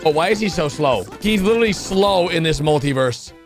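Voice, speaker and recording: A young man giving excited reaction commentary on a video, exclaiming loudly and calling his viewers "boys" and "bro". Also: on the high side, brisk, soft background music. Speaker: YouTuber reacting to an animation.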